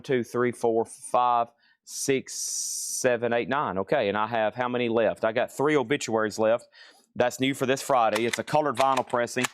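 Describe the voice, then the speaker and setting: A middle-aged man hosting a live record sale stream, listing items and calling bids in a brisk, casual patter from a record store. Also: medium pitch, clean tone, no echo, studio quality. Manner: brisk auctioneer-style listing, casual asides. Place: record store with crates and tables.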